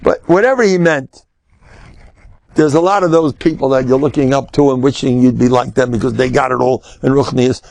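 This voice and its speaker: An older American rabbi gives a lively Torah lecture on faith, telling stories punctuated by sudden high exclamations and mixing in Yiddish and Hebrew words. He speaks at a normal speed with vocal fry, and there's no room sound.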